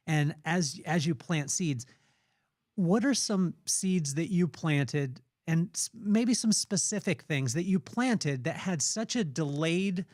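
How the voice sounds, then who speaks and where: A man's voice: a little high, darkish tone, no room sound, studio quality. A man hosting a podcast, telling a rambling personal story with many restarts. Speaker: podcast host. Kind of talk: casual interview chat.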